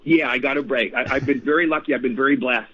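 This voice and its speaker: A man in his sixties, an actor guest telling stories in a casual interview, animated and repeating phrases. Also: medium pitch, fast talker. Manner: animated, repeats phrases, addresses host by name. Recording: tinny phone line.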